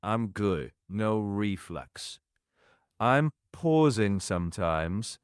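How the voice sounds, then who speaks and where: Slow low ai guy voice, new york italian-american accent, smooth and dry. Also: very animated, no echo. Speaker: AI voice assistant. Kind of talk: conversational AI voice.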